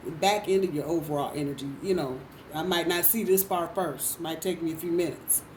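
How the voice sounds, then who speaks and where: A woman tarot reader with a low voice gives a casual, blunt, profane reading, speaking fairly quickly with fairly even intonation and hardly any pauses. She repeats phrases for emphasis. The recording is roomy, with a distant mic and faint background noise.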